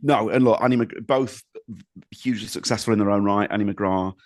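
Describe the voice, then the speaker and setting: A man with a fairly low voice co-hosts a casual podcast chat. He tells stories in a rambling way, restarting and hedging as he goes. The recording is close and dry, with almost no room sound. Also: brisk, darkish tone, no room sound. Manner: rambling anecdotal storyteller, restarts and hedges. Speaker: podcast co-host.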